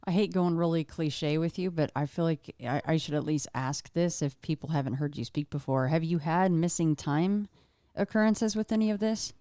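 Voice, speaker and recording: A woman hosting a podcast interview, asking questions in gentle, apologetic phrasing. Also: low-pitched, fairly even intonation, normal speed, dry recording, studio quality. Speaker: podcast host.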